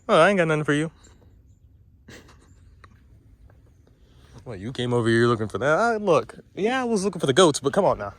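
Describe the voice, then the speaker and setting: A man in a casual vlog, chatting and teasing the animals as he walks around an outdoor farm with a handheld camera. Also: medium pitch. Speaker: vlogger. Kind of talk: casual vlog chat while walking. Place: outdoors at a farm or petting zoo.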